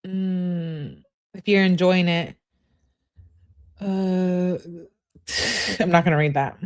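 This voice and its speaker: A woman's voice: on the low side, steady tone, very slow, clear, resonant tone. A woman hosting a casual livestream, chatting and reading messages aloud with awkward, laughing asides. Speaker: streamer host.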